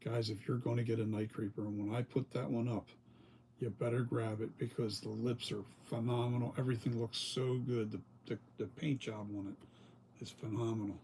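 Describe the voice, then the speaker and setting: A man's voice: mid-range voice, little pitch movement, moderate pace, warm tone, slight background noise. A tired middle-aged man who makes masks rambles casually to his viewers, filming himself on a phone camera in his home workshop. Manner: rambling, talks straight to viewers. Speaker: mask maker. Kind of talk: casual vlog chat.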